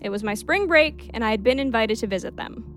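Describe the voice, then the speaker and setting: A woman reading a creepy first-person story aloud at a steady pace, now and then breaking off for casual asides. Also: on the high side, a little fast, soft background music. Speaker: horror story narrator.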